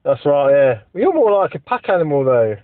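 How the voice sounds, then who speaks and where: A man's voice: on the high side, very animated, fairly quick. A man co-hosting a podcast over a phone call, teasing his friend in a dry, casual way. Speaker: podcast co-host. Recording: tinny phone line, dry.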